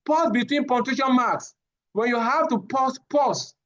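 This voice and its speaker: A man, giving a live safety training lecture, animated and often repeating his words as he addresses the class. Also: very high voice, a little slow, lo-fi sound.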